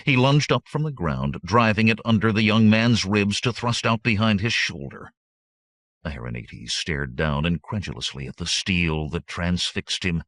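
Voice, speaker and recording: A man's voice: sits low, a bit bright, no room sound. A man narrating an adventure audiobook in a dramatic, vivid manner. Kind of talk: scripted narration.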